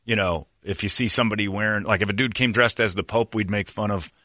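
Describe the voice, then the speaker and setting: A man's voice: fairly low pitch, quick pace, no room sound, studio quality. A man hosting a morning radio show, telling a long story in casual chat with many fillers. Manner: rambling, lots of "uh" fillers, animated retelling.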